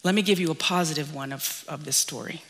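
Woman preaching, earnest storytelling, low-ish voice, big echoey hall. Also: fast talker. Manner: earnest, confessional, drops to a hushed whisper at times. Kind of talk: sermon with personal storytelling.

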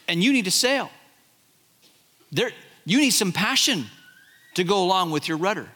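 A man preaching a sermon, animated and conversational, acting out Bible characters as he retells the story. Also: sits high, moderate pace, in a large hall. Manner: animated, acts out Bible characters in quoted voices. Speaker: pastor.

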